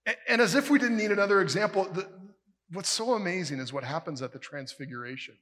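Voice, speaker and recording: A male pastor preaching a sermon emphatically, building to forceful peaks and dropping to hushed line endings. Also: high-pitched, expressive, quick pace. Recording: long reverb of a large hall.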